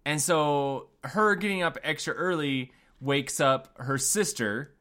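A man's voice: a little high, slow pace, sharp tone. A man in his thirties, a father chatting casually with his wife, teasing and joking. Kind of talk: casual chat.

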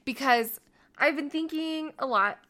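A woman in her thirties co-hosting a casual chat, a stay-at-home mom who tells animated stories and acts out the voices. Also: high-pitched, a little slow. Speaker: podcast co-host.

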